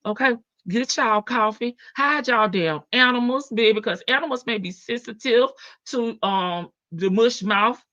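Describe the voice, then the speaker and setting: A brash, sassy woman hosts a live stream, cursing freely and laughing often. Her voice is bright and a touch high. The sound is dull and lo-fi, with a dry, close feel. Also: measured pace, no echo. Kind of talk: casual live-stream commentary. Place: home in Las Vegas.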